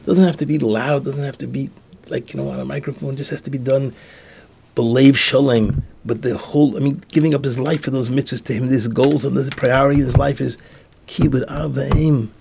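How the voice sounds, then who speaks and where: A man, a rabbi, telling a story as a sermon and acting out the dialogue in soft, hushed tones. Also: medium pitch, steady tone, normal speed, vocal fry, slight background noise.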